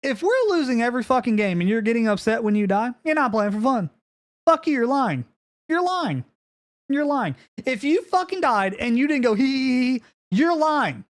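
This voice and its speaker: A man on a live stream in full rant mode, cursing freely and repeating himself as he stumbles over his own words. His pitch swoops widely, jumping from shouted peaks down to low, muttered grumbles. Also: big pitch swings, moderate pace. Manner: profane, heated, swings between yelling and low grumbling. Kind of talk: ranting live-stream monologue.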